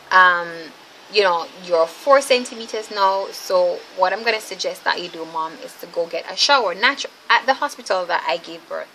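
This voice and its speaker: Young woman vlogger, bright forceful voice, chatty and animated, recorded at home on a camera mic. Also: mid-range voice, a little hiss or hum, poor audio. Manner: chatty, animated, laughs often, addresses viewers as ladies. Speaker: vlogger, mother. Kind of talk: casual vlog storytelling.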